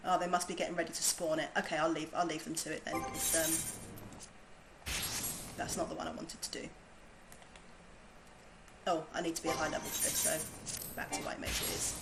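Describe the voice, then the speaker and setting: A woman's voice: sits low, flat delivery, a little fast, creaky, pauses often, heavy background noise. A woman from southern England with a southern English accent, chatting bubbly and casually with viewers while she streams a game. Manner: chatty, bubbly, laughs easily. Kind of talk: casual gaming stream chat.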